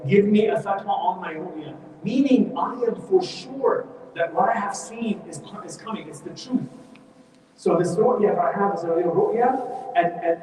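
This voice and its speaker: A man teaching a Quran study class, telling the story in a lively way and acting out what the people in it say. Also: high voice, slight background noise. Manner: animated storytelling, acts out quoted speech. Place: mosque hall. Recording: echoey hall from far off.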